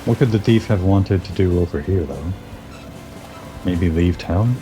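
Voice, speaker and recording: A man giving relaxed, musing commentary over a game playthrough, thinking aloud and talking to the character he plays. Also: deep voice, measured pace, music in the background. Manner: musing, talks to himself and the character. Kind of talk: relaxed let's-play commentary.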